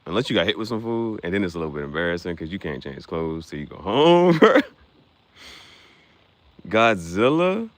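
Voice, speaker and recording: A man's voice: low voice, very animated, normal speed, long pauses, dry recording. Young guy chatting on his stream, voice jumps all over, cracking jokes at the comments. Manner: joking, reacting to chat comments, frequent laughs. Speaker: livestream host. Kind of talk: casual livestream chat with viewers.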